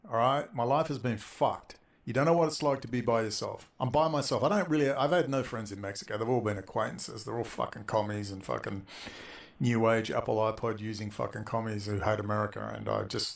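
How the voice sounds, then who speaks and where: A man's voice: lowish voice, gravelly. A man from Australia, ranting in an agitated, rambling and heavily profane way in a recorded video. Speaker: online video maker. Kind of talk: profane angry rant.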